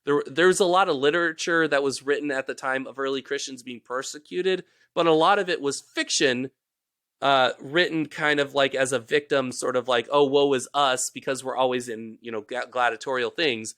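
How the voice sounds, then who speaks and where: A man's voice: mid-range voice, brisk, fairly bright tone, no echo, studio quality. A man hosting a casual podcast, explaining history in a rambling, jokey, self-correcting way. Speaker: podcast host presenting research.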